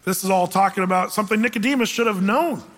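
A man's voice: sits high, fast talker, a bit bright, long reverb tail. A male pastor teaching a sermon verse by verse, talking conversationally, asking his congregation questions and reading scripture aloud.

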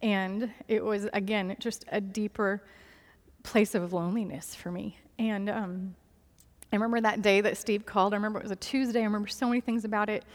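A woman's voice: medium pitch, fairly even intonation, brisk. Woman's earnest testimony in a reverberant hall. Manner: earnest and candid, often laughing softly, many fillers. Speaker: speaker sharing a personal testimony. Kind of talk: personal faith testimony.

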